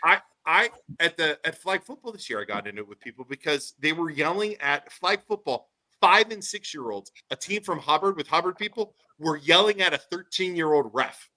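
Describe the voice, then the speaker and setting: A man's voice: fairly high pitch, brisk, few pauses, rough recording. A man co-hosting a podcast, telling a story in casual chat and acting out what people said. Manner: animated storytelling, acts out quotes. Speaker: podcast co-host.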